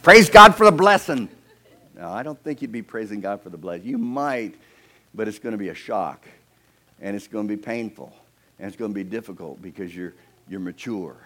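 A male pastor preaching a sermon in an animated storytelling way, putting on the voices of figures he quotes and asking the congregation questions. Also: fairly low pitch, a little fast.

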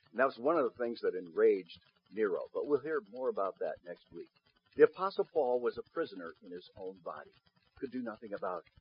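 Husky preacher man, dull recording. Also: medium pitch. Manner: emphatic, addresses the congregation with rhetorical questions. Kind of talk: sermon. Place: room with a congregation.

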